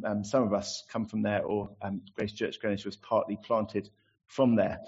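Pastor with a husky voice. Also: male voice, medium pitch, dull audio. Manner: self-deprecating, anecdotal, with fillers. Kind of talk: sermon.

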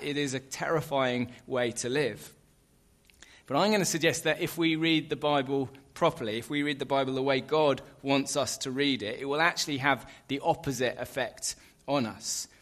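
A man preaching a sermon in a relaxed, conversational way, with fillers and light asides. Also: mid-range voice.

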